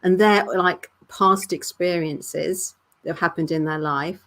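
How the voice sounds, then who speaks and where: A woman, a weight-loss coach calmly explaining her methods as a guest. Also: lowish voice, measured pace. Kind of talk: interview answers.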